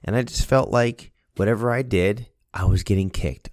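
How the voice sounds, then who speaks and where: A middle-aged man telling a workplace story in a casual, animated way. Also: mid-range voice, fairly quick, few pauses, smooth, no room sound, clean studio sound. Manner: animated storyteller, lively voice shifts. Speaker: speaker, cleaning business owner.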